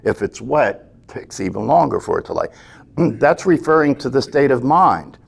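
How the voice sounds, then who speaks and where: A man's voice: mid-range voice, expressive, normal speed, vocal fry, breathy edge. A man teaching a meditation class, talking earnestly, often checking in with "right?" and restarting his phrases.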